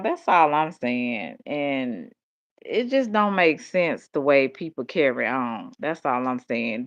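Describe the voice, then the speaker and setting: An older woman, talking in a rambling, animated monologue. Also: sits low. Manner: rambling, animated storytelling with vernacular speech. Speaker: vlogger. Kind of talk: casual monologue. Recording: dull lo-fi audio.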